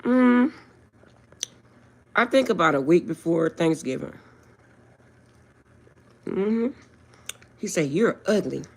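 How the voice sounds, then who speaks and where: An older woman hosting a casual livestream from her phone, telling stories in a chatty, animated way. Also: on the low side. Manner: chatty, animated storytelling, drawn-out asides. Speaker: livestream host.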